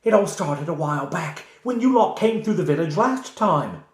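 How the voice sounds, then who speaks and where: A frightened old village woman, high and quavering in a working-class London dialect, as a man puts her on. She talks with anxious repetition in a lively, swooping voice. The sound is roomy, with a clear echo. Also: moderate pace, close to an everyday voice. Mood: fearful. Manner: anxious, repeats herself, speaks in dialect.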